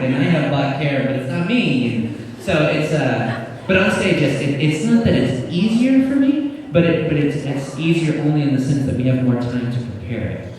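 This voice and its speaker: A man's voice: mid-range voice, darkish tone, a little hiss or hum. A male voice actor chatting and joking while answering audience questions at a convention panel, slipping into character voices. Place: large convention hall. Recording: echoey hall, taped from far off.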